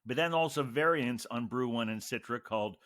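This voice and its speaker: This host speaks briskly in a medium-pitched, fairly bright voice while chatting over a beer tasting on his podcast. His manner is wordy and playful, with long explanations.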